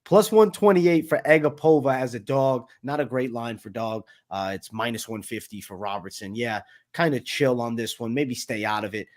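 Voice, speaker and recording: A man hosts a casual sports betting chat in a voice of ordinary pitch. He talks in a laid-back way while breaking down the odds and making his picks. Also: normal speed, few pauses. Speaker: host.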